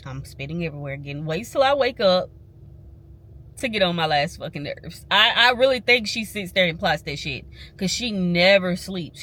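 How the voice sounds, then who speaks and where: A woman's voice: deep voice, fairly bright tone, slight background noise. Frank woman vlogging from her car. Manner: candid venting, frank and emphatic. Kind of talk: casual vlog chat. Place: parked car.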